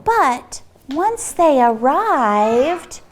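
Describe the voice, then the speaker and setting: A woman reading a picture book aloud at a children's storytime, expressive, with dramatic gasps. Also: high-pitched, extremely slow, a little hiss or hum.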